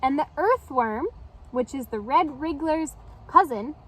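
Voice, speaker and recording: Animated woman reading to children. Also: sits high, measured pace, a little hiss or hum, low-quality recording. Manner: animated, asks children questions. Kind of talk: children's story read-aloud.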